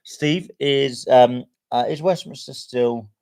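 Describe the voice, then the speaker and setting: A man's voice: mid-range voice, slow, a little mellow. A man with a British accent co-hosting a live stream, reading chat messages aloud in a playful, teasing way with many fillers. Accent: British English.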